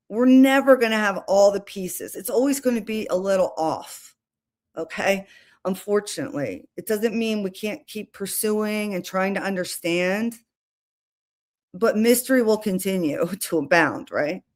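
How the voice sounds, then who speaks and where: A woman's voice: mid-range voice, animated, a little slow, darkish tone. A woman hosting a casual livestream, talking in a chatty, rambling way with restarts and asides. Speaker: livestream host.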